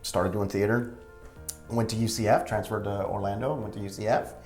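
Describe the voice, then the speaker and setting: A man's voice: fairly low pitch, fairly even intonation, normal speed, a little mellow, echoey room, faint music behind. A man in his forties, a comedian and actor, telling stories in a casual, wisecracking way in an interview. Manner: wisecracking, acts out quoted people.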